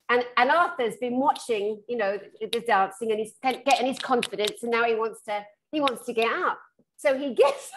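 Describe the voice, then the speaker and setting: A British woman, a spiritual therapist, telling stories in a frank, lively, casual chat. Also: fairly high pitch. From Britain. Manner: animated storyteller who acts out the people she quotes; frank and blunt, laughs through her stories.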